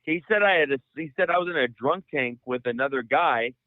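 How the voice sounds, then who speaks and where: A young man from the Bay Area telling a long profane story on a podcast, rambling and animated. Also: a little high, a little fast, dry recording. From San Francisco Bay Area. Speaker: podcast host. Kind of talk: casual storytelling. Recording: dry, phone-like audio.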